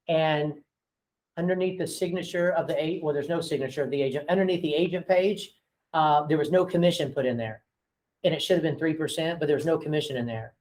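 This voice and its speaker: A man's voice: fairly high pitch, darkish tone, low-quality recording. A man, a real estate broker and owner, leading a casual training session for his agents and telling frank stories from work. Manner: storytelling, acting out phone calls with voices; frank, chatty, with many fillers.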